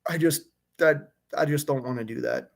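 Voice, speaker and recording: A man's voice: on the high side, huge pitch swings, normal speed, gravelly. A man, an owner-operator truck driver, venting his frustration on a live stream from a hotel room, fired up and restarting his sentences, then reading viewer comments.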